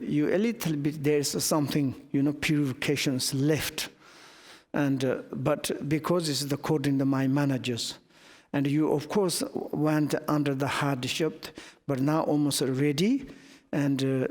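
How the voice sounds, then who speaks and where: A man's voice: fairly high pitch, steady tone, a little slow. A man voicing a stern old male lama master who speaks bluntly in broken English. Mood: instructing. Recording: long hall reverb.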